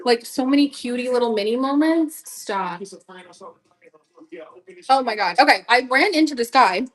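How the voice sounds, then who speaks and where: Young woman live-seller, chatty and gushing, a little high-pitched, casual stream host. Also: expressive, normal speed, a bit bright, low-quality recording. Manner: chatty, gushing, talks straight to viewers. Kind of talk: casual live-selling chat.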